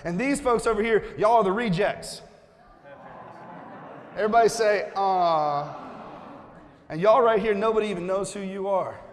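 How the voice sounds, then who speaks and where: Playful pastor in a reverberant hall. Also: male voice, high-pitched, moderate pace, pauses often. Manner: playful, coaxing the crowd, then earnest and quiet. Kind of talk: sermon with audience participation. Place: church sanctuary.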